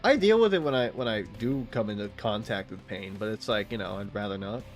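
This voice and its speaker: A man's voice: fairly low pitch, fairly quick, soft background music. A man in his late twenties, a streamer rambling and swearing through casual gaming chat. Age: late 20s. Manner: rambling, profane, animated storytelling.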